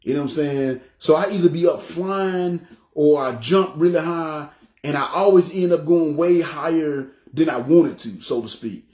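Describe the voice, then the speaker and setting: A man's voice: fairly high pitch, moderate pace, a little mellow. A man preaching a casual, conversational sermon, loose and repetitive, who often checks in with his listeners. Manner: loose, repetitive, often asks "you know what I'm saying". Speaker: pastor. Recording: echoey room.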